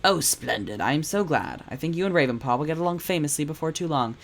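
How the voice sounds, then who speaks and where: A man's voice: a little high, lively intonation, fast talker, vocal fry, fairly bright tone, pitched above the performer's own voice. A British man reading the lines of a polite, fussy male professor vet in old-fashioned phrasing. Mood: courteous.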